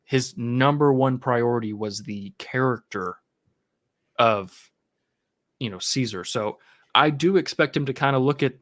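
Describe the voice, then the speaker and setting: A man's voice: medium pitch, a bit bright. A man co-hosting a live movie podcast, talking casually and rambling through his points. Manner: rambling, many fillers and restarts. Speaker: podcast co-host.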